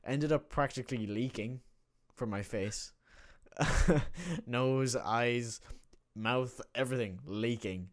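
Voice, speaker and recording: A young man in casual chat, telling an animated story and laughing often. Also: mid-range voice, slow pace.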